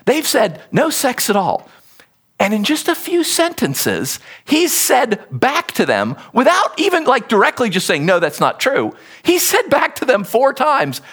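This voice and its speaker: A middle-aged man delivers a sermon in a lively, conversational style. His voice sits high for a man and swings widely up and down as he acts out quotes and explains the text. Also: moderate pace, slightly rough. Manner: animated, conversational preaching with acted quotes. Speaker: pastor.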